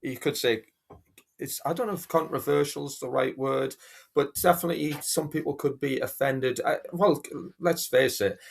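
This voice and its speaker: A man's voice: medium pitch, normal speed, vocal fry, slightly rough. A man speaking as a guest in a casual chat, earnest and rambling with restarts.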